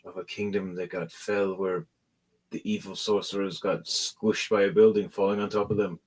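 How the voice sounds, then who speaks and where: A man voicing a gruff assassin guild leader who talks low and hushed in a tabletop game. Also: little pitch movement, normal speed.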